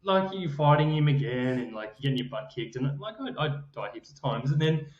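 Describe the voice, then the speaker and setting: A man's voice: medium pitch, expressive, a little fast. A man with an Australian accent, co-hosting a podcast in casual chat and animatedly telling stories, acting out quotes and laughing often. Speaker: podcast co-host. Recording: roomy, slightly dull podcast audio.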